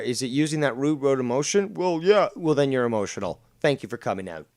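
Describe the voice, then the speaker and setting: Male streamer, mocking and combative, lively swooping delivery, dry close sound. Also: mid-range voice, fast talker, few pauses, no room sound. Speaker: streamer reacting to a clip. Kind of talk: casual stream commentary.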